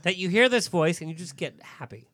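A man's voice: high voice, a bit bright, no room sound. A man hosting a casual podcast, playful and teasing as he quizzes his guests. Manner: playful, teasing, quick to joke. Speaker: podcast host. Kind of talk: casual chat.

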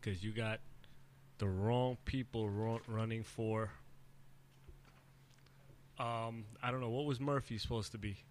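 A man's voice: fairly low pitch, fairly even intonation, measured pace, pauses often, slight background noise. A man in his forties with a New York accent, co-hosting a podcast and teasing his partner with trash talk. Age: 40s. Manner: teasing, trash-talking and laughing. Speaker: podcast co-host. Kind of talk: casual chat.

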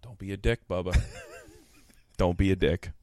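A man's voice: deep voice, steady tone, unhurried, darkish tone, clear, resonant tone. A man co-hosting a podcast in casual chat, a bit tipsy, joking and self-deprecating as he tells stories. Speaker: podcast co-host.

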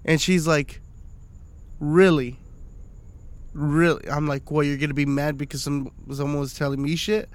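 A young man tells a story on a casual podcast, his voice sitting a little high. He swears freely and keeps breaking into laughter as he goes. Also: flat delivery, a little fast, few pauses. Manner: profane, laughs often while telling stories. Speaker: podcast co-host.

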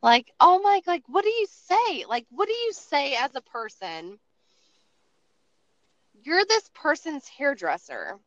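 A woman hosting a podcast, telling stories in a casual, profane, animated way with lots of restarts. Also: sits high, slow, no echo, dull audio. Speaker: podcast host.

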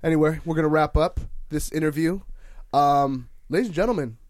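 Man, podcast host, relaxed chat, lots of filler words, fairly high voice. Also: a little fast, no room sound. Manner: loose, filler-heavy, hypes up the next guest. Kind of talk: casual chat.

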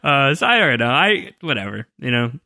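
Casting note: bright, animated man for a podcast co-host, dry booth sound, chatty recap energy. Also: mid-range voice, brisk, vocal fry, no room sound. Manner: animated, acts out quotes, laughs often. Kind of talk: casual TV recap chat.

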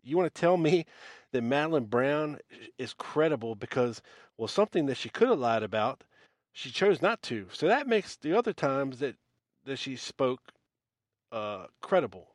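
A man's voice: mid-range voice, big pitch swings, moderate pace, no echo, studio quality. A man hosting a podcast, delivering a blunt, scornful rant full of profanity. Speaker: podcast host. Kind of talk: ranting monologue.

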